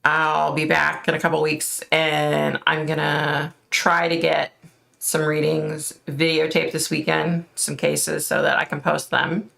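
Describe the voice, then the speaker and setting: This middle-aged American psychic host reads comments in casual live-stream chat, laughing frequently and thanking viewers by name. Her low, creaky, fairly bright voice has a completely flat delivery at a measured pace. She is overheated and sweating.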